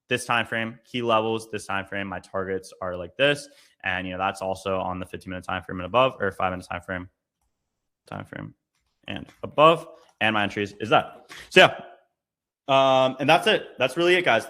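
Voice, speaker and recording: A man's voice: fairly low pitch, pushed and bright. A man co-teaching a live online trading lesson, explaining casually with a joking streak.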